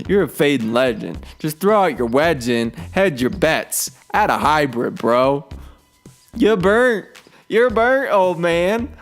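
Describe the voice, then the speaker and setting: A man's voice: mid-range voice, animated, measured pace. A man rapping as a cocky young golfer. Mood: boastful. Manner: trash-talking, rhythmic rap delivery. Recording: faint game music behind.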